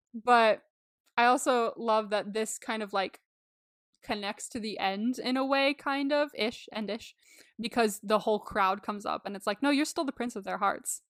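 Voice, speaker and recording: A woman speaking a little high and at a measured pace co-hosts a podcast, animatedly recapping a movie. She laughs often, giggles, acts out quotes and swears freely, in a dry, studio-quality recording.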